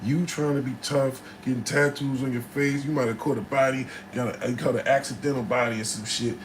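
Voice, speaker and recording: A New Jersey battle rapper talks to his livestream chat a little fast in a mid-range voice, blunt, laid-back and full of slang as he answers them. The audio is poor, with steady background noise.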